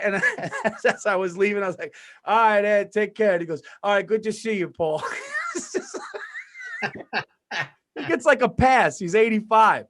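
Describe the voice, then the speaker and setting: A man with a New York accent co-hosting a casual podcast. He tells animated anecdotes and laughs often. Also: high voice, normal speed. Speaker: podcast co-host. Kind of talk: casual chat.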